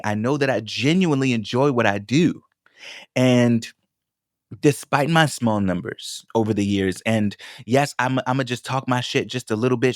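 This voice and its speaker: A man's voice: mid-range voice, dry recording, clean studio sound. Sassy, affirming male podcast host. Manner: sassy, affirming, talks to listeners as baby and bitch; pep-talk, builds to emotional encouragement. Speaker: podcast host and food vlogger. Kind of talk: casual solo podcast monologue.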